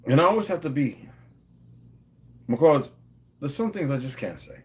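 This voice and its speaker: Animated man on a profane rant. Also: on the high side, normal speed. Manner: confrontational and lecturing. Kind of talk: profane ranting monologue.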